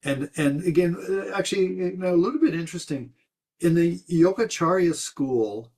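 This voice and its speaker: A man's voice: sits high, moderate pace, darkish tone. A man teaching meditation, answering a student's question in a loose, rambling way with many restarts and the odd chuckle. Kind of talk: dharma talk answering questions.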